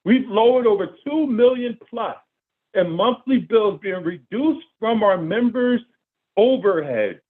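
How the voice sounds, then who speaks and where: A man giving an energetic, preachy business pitch, speaking straight to his audience. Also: measured pace. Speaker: presenter. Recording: tinny phone-like audio.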